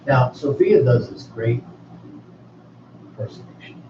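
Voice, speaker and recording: A man's voice: medium pitch, lively intonation, a little slow. A man hosting a radio show, chatting casually in a rambling, jokey way. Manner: rambling and jokey, restarts often. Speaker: radio host. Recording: echoey, distant, dull, noisy room.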